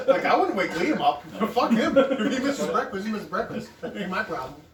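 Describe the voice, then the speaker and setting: Man, slightly high voice, joking and profane, caught from across a roomy table with clatter. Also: very animated, measured pace, a crowd in the background. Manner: joking, profane, laughs often. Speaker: family member at breakfast. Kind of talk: casual chat. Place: room at a breakfast table. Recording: roomy, distant, noisy table recording.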